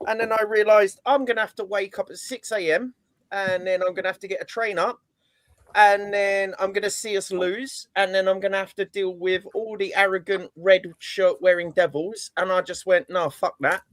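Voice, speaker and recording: A man vents about a match with biting sarcasm and rising irritation. His voice sits high for a man and sounds dry and close, with no room around it. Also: fairly even intonation, moderate pace, a bit bright, no echo. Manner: sarcastic, ranting. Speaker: podcast panelist. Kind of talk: casual football chat.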